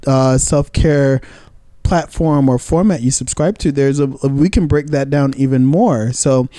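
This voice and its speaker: A man with a mellow, relaxed voice talks through ideas thoughtfully on a casual podcast. He keeps checking in with "right?" as he explains, and the sound is dry and close. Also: mid-range voice, unhurried, no echo. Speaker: counselor guest.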